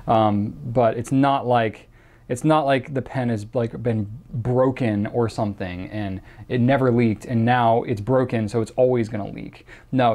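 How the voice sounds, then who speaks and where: A man hosts a relaxed question-and-answer show and talks in a loose, chatty way. He fills his sentences with "um" and "like" and restarts them often. His voice sits at a middling pitch. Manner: chatty, casual, with many fillers and restarts; reads out a viewer's question in a mock accent. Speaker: host answering viewer questions. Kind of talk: casual chat.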